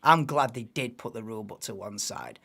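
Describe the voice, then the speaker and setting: A man's voice: lowish voice, expressive, moderate pace, vocal fry, bright, forceful tone, slightly rough. A man hosting a live watchalong, casual banter-heavy commentary that swears and laughs at his own jokes.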